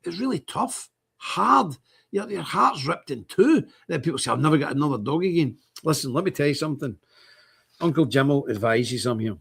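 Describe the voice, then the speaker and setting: A man's voice: fairly high pitch, fairly quick, vocal fry, slightly rough. A middle-aged man with an Irish accent hosting a casual, rambling monologue and acting out bits of dialogue. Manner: rambling, animated, acts out quoted dialogue. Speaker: host of a church channel's update stream.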